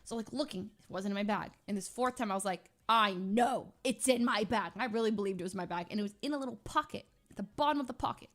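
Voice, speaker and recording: A young adult woman streamer rambling through a casual story, animated and full of filler words. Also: mid-range voice, very fast, hardly any pauses.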